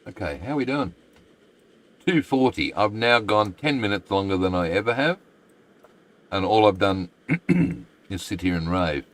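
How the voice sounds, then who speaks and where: A man's voice: on the low side, lively intonation, measured pace, long pauses, low-quality recording. A man with an Australian accent chatting casually while live-streaming a game, rambling and self-deprecating.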